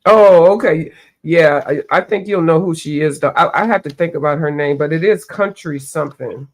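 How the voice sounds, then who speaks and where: A woman's voice: sits low, normal speed. Lady hosting a coloring stream, kinda stuffy, rambles around trying to remember names. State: stuffy from allergies. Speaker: livestream host. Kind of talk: casual chat while coloring.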